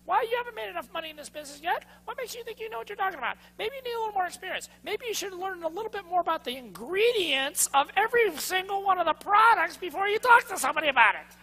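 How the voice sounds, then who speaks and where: A man voicing a doubting inner voice that quickly needles and belittles the listener. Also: very high voice, expressive, pitched above the performer's own voice, exaggerated voice, low-quality recording. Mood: needling. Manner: quick, hushed, needling questions.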